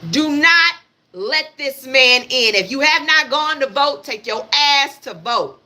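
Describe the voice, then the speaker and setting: Her voice is high-pitched, bright and forceful, expressive yet slow as she hosts a live stream. Talking directly to her audience, she delivers emphatic, blunt political opinions, repeats herself and swears freely.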